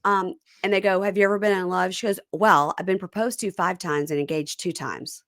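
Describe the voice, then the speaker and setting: A woman's voice: lowish voice, fairly quick, no echo, studio quality. A woman podcast host chatting casually, recapping a reality show and acting out the cast's lines. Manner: animated storyteller, acts out quotes from the show.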